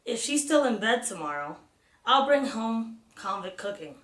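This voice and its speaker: A woman reading the part of a gentle, worried father who soothes his daughter, in a storybook read-aloud. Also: fairly high pitch, big pitch swings, normal speed. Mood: reassuring. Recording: roomy echo.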